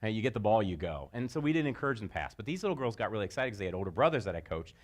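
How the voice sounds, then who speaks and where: A middle-aged man giving a motivational talk to sports parents, telling stories and jumping into high shouted voices for quotes. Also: very fast. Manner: animated storyteller, jumps into high-pitched shouted voices for quotes. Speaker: speaker.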